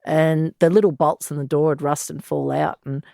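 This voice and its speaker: A woman's voice: low voice, flat delivery, normal speed, gravelly, dark tone, no echo, clean studio sound. An Australian woman in her sixties, a former detective, telling her story frankly and bluntly in an interview. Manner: frank, blunt, earthy, with sighs and laughs. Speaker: former police detective, guest.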